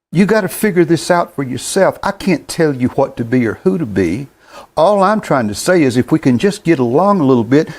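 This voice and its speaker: A man's voice: medium pitch, a little mellow. A man in his seventies hosting a show, talking earnestly in a plain-spoken monologue, often stumbling and repeating words as he goes. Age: 70s. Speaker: host.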